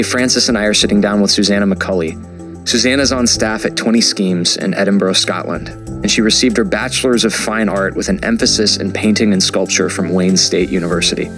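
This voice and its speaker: A lower-pitched man reads a scripted podcast introduction in a measured, earnest tone. Music plays clearly underneath him. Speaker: podcast host.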